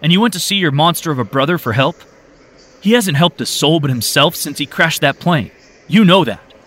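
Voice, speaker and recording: A concerned husband in a read-aloud story, his voice pushed up and urgent, as a male narrator puts him on. He sounds bright and pressing. He talks in a firm, pleading way. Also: on the high side, lively intonation, normal speed, voice pushed up. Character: worried middle-aged husband, concerned and firm.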